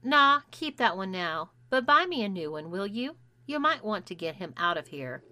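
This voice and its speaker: A woman reading an audiobook, voicing an amused older sister who teases in an offhand, bright manner. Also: medium pitch, very animated, normal speed, no echo. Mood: breezy. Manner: teasing, offhand.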